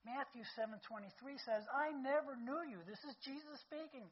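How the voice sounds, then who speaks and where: A woman's voice: high voice, brisk, few pauses. A woman preaching a conversational sermon who keeps checking in with her listeners, heard on a dull lo-fi recording.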